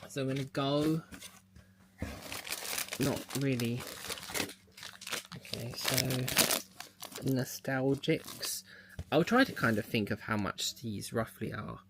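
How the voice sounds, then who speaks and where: A man's voice: medium pitch, slow pace, long pauses, very noisy. A man chatting casually as he unboxes a mystery box, thinking aloud as he handles the packaging. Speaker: unboxing vlogger.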